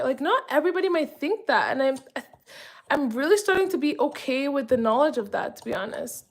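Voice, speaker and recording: High-voiced chatty young woman vlogging. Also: a little hiss or hum, rough recording. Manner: chatty, many fillers, talks to viewers directly. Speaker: cooking vlogger. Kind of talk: casual chat while cooking. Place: home kitchen.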